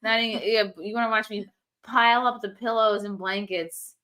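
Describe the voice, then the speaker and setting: A woman with a bright, forceful voice hosts a loose, casual chat in a hotel room. She jokes with a deadpan edge and talks up a comedy show as if it were a product. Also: on the high side, normal speed. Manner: joking, deadpan hype. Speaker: podcast host.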